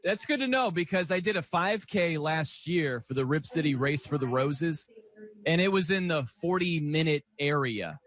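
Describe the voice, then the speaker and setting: A man's voice: on the high side, lively intonation, normal speed, fairly bright tone. A man hosting a sports radio show, asking questions casually and joking about himself. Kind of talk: radio interview.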